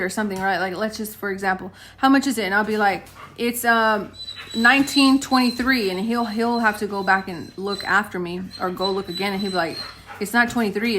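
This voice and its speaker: A woman's voice: mid-range voice, sharp tone, slight background noise. A woman in her late thirties chatting to camera at home, telling stories to her viewers and acting out the back-and-forth of conversations. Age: late 30s. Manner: chatty storytelling, addresses viewers as guys, acts out quotes. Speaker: vlogger. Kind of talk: casual chat to camera.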